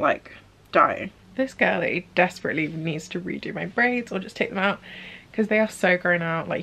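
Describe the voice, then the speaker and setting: A woman's voice: on the low side, fairly bright tone. Chatty young woman vlogging from home. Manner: chatty, rambling, self-deprecating asides. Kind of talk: casual daily vlog chat.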